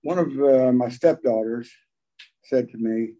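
An older man telling his recovery story at a meeting, folksy and halting, with frequent pauses. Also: mid-range voice, warm tone, low-quality recording. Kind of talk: personal recovery talk.

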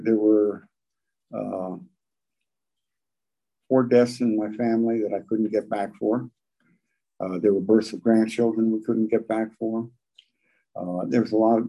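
An older man telling his recovery story at a meeting, folksy and halting, with frequent pauses. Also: on the low side, mellow, poor audio. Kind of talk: personal recovery talk.

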